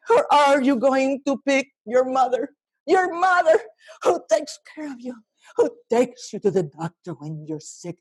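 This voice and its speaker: A woman voicing a loud, guilt-tripping middle-aged mother in a solo stage performance, shrill and demanding.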